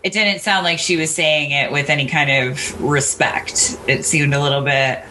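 A podcast co-host in casual chat, quick and chatty, finishing the other host's thoughts. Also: medium pitch, steady tone, background noise.

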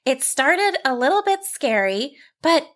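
A woman's voice: high-pitched, big pitch swings, measured pace, a bit bright, voice pushed up, heavily acted. A woman voicing a bold, cheerful young girl with an eager, chatty manner.

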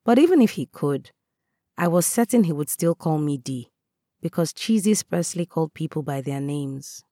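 A woman reading a first-person story aloud in a calm, measured way. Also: low-pitched, no room sound, clean studio sound. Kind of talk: scripted first-person narration.

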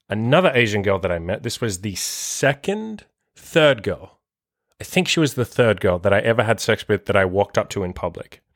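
A man's voice: on the low side, a bit bright, no room sound, clean studio sound. A young man hosting a podcast, telling a casual story in a crude, profane way and leaning heavily on the filler word "like". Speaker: podcast host.

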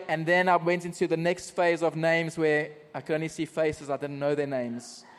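South African preacher, high voice for a man, lively self-mocking storyteller, long hall reverb. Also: moderate pace, few pauses, clear, resonant tone. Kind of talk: personal testimony sermon. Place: church service.

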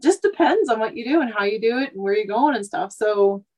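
A woman's voice: fairly high pitch, animated, a little fast, a little mellow, low-quality recording. A woman in her thirties from Canada, a truck driver chatting casually on a podcast, rambling with lots of asides. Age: 30s. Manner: talkative, rambling, many "like" and "you know" asides.

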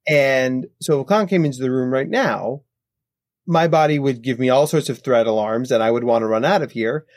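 Male psychologist guest, mid-pitch voice, explanatory podcast delivery, often checks in with "right?", dry close mic. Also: normal speed, no echo. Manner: explanatory, tags points with "right?". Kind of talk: podcast interview answers. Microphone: podcast microphone.

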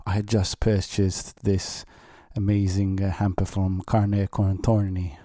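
A man from Malta co-hosts a podcast in easygoing chat, looping back over his words as he tells a story. His voice sits low and mellow. The sound is dry and close. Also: level tone, a little slow, no echo. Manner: chatty storyteller, repeats words while thinking. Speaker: podcast co-host. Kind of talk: casual chat.

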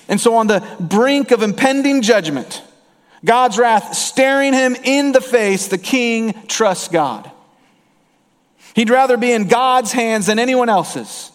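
A man's voice: high-pitched, in a large hall. A man preaching a sermon as a pastor, earnest, with his voice rising and falling for emphasis.

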